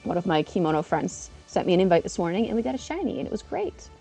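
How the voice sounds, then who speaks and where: A chatty, excitable woman streaming live and chatting casually while she eats. Her pitch swoops animatedly, and her tone stays soft and mellow. Faint music plays in the background. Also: fast, vocal fry.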